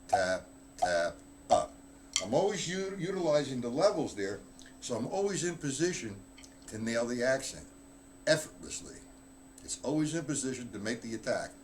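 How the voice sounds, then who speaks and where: A man's voice: mid-range voice, heavy background noise. A man giving a live drum lesson, talking bluntly and offhand while he counts out stickings aloud. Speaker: drum teacher.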